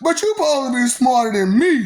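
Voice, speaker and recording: This vlogger's voice is high and quick, swinging widely in pitch as she rants at her viewers. The rant wanders and teases, punctuated by frequent laughs and sing-song repetition of words, all aimed at the camera.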